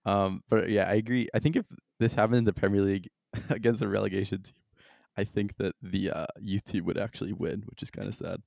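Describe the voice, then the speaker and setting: A young man with a somewhat low voice joins the podcast chat in quick, agreeable bursts. He sounds dry and close, with no room around him. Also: steady tone, gravelly, darkish tone, dry recording. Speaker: podcast co-host. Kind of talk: casual chat.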